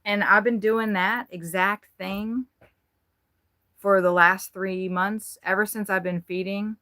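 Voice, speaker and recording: A woman's voice: mid-range voice, fairly even intonation, a little slow, sharp tone, no room sound, clean studio sound. A woman vlogger giving a rambling, frank tour of her RV, chatting casually and swearing freely. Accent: Midwestern American. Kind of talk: casual chat. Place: inside an RV.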